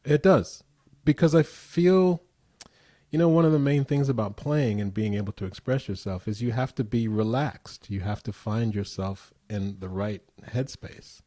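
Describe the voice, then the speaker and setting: Brief: middle-aged man, lowish voice, dry close sound, relaxed storyteller. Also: moderate pace, no echo. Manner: relaxed anecdotal storyteller, easy laughter. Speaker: guest musician. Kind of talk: casual interview chat.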